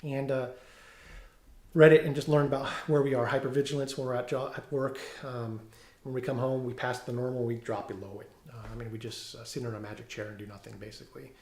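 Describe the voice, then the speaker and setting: A middle-aged police officer giving a personal testimony at home, talking haltingly with many fillers and restarts. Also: male voice, mid-range voice, little pitch movement, a little mellow, roomy sound. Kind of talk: personal testimony, reading from notes. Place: room at home.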